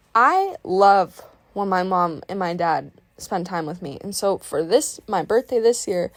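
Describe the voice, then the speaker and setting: A woman's voice: mid-range voice, no echo. Sentimental woman in her twenties, chatty painting voiceover, rambling and self-interrupting, dry close sound. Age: 20s. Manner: openly emotional and sentimental. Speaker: art vlogger narrating a painting video. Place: voice-over recorded apart from the painting footage.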